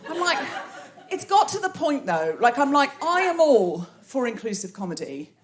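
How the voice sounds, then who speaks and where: A woman's voice: sits high, big pitch swings, moderate pace. An Australian woman hosting a live comedy podcast, laughing and riffing with the audience from a theatre stage. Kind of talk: live stand-up crowd work.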